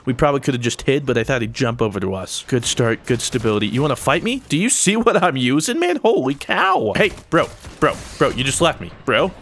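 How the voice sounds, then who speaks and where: A young man giving excitable, joking commentary over his own gameplay. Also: medium pitch, a little fast, few pauses. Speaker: gaming YouTuber.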